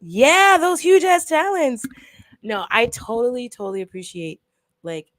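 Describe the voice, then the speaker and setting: Woman, livestream host, excitable, swears a lot, dry close sound. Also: a little high, measured pace, dry recording. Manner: excitable, swears freely, talks to chat viewers. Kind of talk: casual livestream chat.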